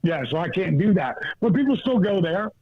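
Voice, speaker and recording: A man's voice: sits high, big pitch swings, a little fast, crowd noise. A man guest chatting casually in an interview and telling his stories animatedly, often restarting his words. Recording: tinny phone-line audio.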